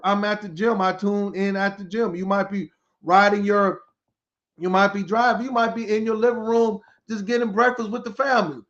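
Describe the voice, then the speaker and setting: A middle-aged man with a fairly high voice hosts a live podcast, greeting viewers by name one after another. He talks with energy and repeats himself to pump up the audience. The audio is slightly dull and lo-fi. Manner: energetic, repetitive, hypes the audience. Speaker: podcast host, school turnaround specialist.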